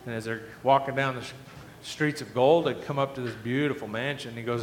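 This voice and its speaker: A man's voice: medium pitch, brisk, hardly any pauses, slight background noise. A man preaching a sermon, asking the congregation earnest rhetorical questions. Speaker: pastor. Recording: echoey hall with faint ambience.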